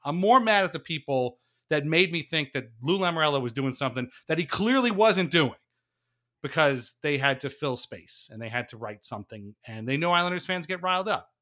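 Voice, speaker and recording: A man's voice: a little high, brisk. A man hosting a casual sports podcast, ranting with frequent laughs. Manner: animated, ranting, laughs often. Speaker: podcast host.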